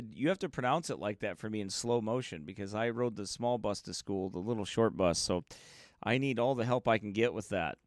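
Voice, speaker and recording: A man's voice: mid-range voice, no echo. Man, pastor, casual livestream chat, joking, chatty, dry close sound. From United States. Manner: chatty, joking, reads viewer names aloud.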